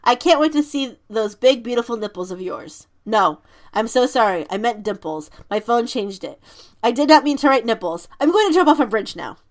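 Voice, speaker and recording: This is a woman co-hosting a casual podcast, reading funny messages aloud with playful emphasis. She giggles often, and her voice sits a little on the high side. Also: animated, normal speed. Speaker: podcast co-host.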